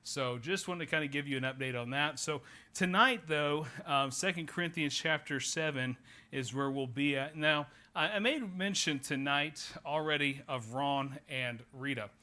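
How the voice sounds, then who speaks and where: Bright-voiced Oklahoma pastor telling a story. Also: male voice, a little high, moderate pace. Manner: folksy, rambling anecdote with many fillers. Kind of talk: sermon storytelling. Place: church sanctuary.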